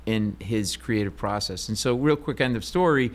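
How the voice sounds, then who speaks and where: A man, a stand-up comedian, telling an animated story as an interview guest, acting out voices and sometimes shouting. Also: lowish voice, moderate pace. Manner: excitable, acts out voices, bursts into shouts.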